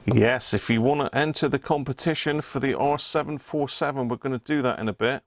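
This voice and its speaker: A man's voice: mid-range voice, a little fast, dry recording, studio quality. A man hosting a live stream, chatting casually and muttering to himself while repairing a radio. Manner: chatty, self-deprecating, muttering while working.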